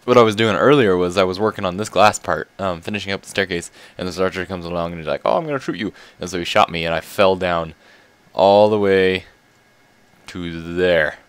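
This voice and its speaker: A man giving casual, rambling commentary while playing a game, excitable and laughing often. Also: sits low, brisk, smooth, no echo. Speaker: gaming video creator.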